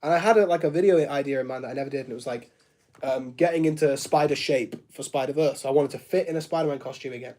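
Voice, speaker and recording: A man's voice: mid-range voice, fast, darkish tone. A man chatting casually on a live stream, answering viewers, joking and laughing often and filling his sentences with "like". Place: home studio room.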